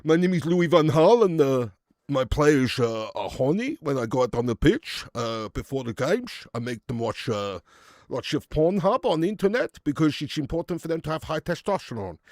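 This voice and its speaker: A man putting on the voice of a blunt, pompous Dutch football manager who lectures with halting pauses. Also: sing-song, darkish tone, no echo, studio quality. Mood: lecturing. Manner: halting with "uh", then shrill and lecturing.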